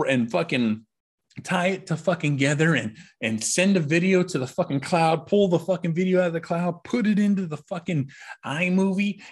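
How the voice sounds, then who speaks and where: Husky, foul-mouthed ranting man. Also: high voice. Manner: angry, swears constantly, rambling. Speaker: podcast host. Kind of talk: profane ranting monologue.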